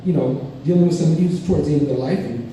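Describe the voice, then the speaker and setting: A man's voice: a little high, racing, mellow, recorded from a distance, slight background noise. A man doing a rambling, self-mocking stand-up routine, heard from afar in an echoey club. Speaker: stand-up comedian.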